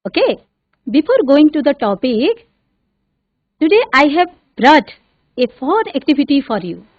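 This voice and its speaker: A woman's voice: sits high, big pitch swings. A woman headmistress with an Indian English accent, teaching an online English class in an encouraging way and repeating her phrases. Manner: encouraging, repeats phrases, recites tongue twisters fast. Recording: narrow phone-like sound.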